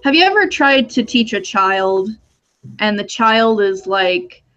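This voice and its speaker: Slow rambly woman guest, kinda high voice, muffled lo-fi sound. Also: big pitch swings, fairly bright tone, faint music behind. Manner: rambling, halting, many fillers. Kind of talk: casual chat. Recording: dull lo-fi audio.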